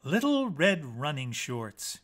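A man reading children's bedtime stories aloud in an animated, playful way with dramatic pauses. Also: a little high. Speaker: storyteller.

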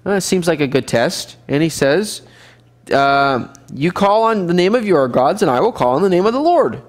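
A man teaching a casual Bible survey class as pastor, lively and animated, acting out scenes now and then. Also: normal speed. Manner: lively, animated, acts out scenes with sudden high shouts and laughs. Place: church fellowship room.

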